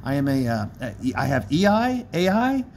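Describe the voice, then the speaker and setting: A man's voice: mid-range voice, sing-song, normal speed, a little mellow, a little hiss or hum. A man rambling in a casual vlog, chatty and self-mocking, often breaking into laughter. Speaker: vlogger. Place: outdoors by a bridge.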